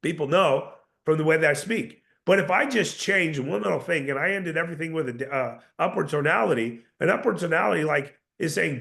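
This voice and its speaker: A man's voice: on the high side, animated, fairly quick, creaky, few pauses, fairly bright tone. A man teaching salespeople in a coaching style, repeating points and demonstrating tones of voice. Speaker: sales trainer. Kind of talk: motivational sales lesson.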